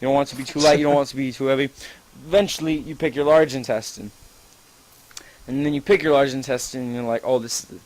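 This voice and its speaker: A man's voice: medium pitch, steady tone, fast, darkish tone, rough recording. A man improvising a rambling, profane, gleefully gross story to a friend, full of "like"s.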